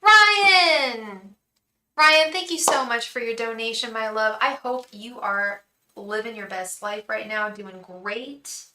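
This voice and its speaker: A woman's voice: on the high side, steady tone, unhurried, bright, forceful tone, echoey room, poor audio. A young woman from the Bay Area hosting a live tarot stream, chatting casually, venting about her day and chanting a repeated invocation to spirit guides. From San Francisco Bay Area.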